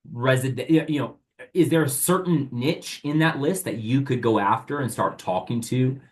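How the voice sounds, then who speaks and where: An upbeat man leads a live online sales workshop and speaks straight to his trainees. He is animated, argues back against imagined objections and keeps pushing the audience forward. His voice sits in a middle pitch. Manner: asks rhetorical questions and plays both sides.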